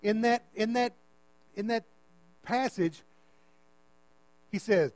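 High-voiced man preaching with rising emphasis. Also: slow, no echo, low-quality recording. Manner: preaching with big swings in pitch and loudness, repeating words for emphasis. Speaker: pastor. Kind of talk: sermon.

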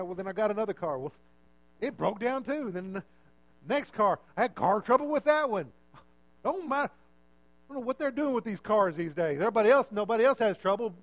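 A male pastor with a notably high voice delivers a sermon in an easy, conversational style. He teases the congregation and mocks himself, often dropping to a low, quiet aside for the punchline. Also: no room sound. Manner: conversational, self-mocking, drops voice for punchlines.

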